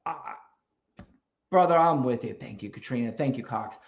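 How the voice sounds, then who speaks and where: A man's voice: medium pitch, expressive, normal speed. A man hosting a live stream, arguing with callers in a combative, profane, lecturing way. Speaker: livestream host. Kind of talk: heated live debate stream. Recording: dull lo-fi stream audio.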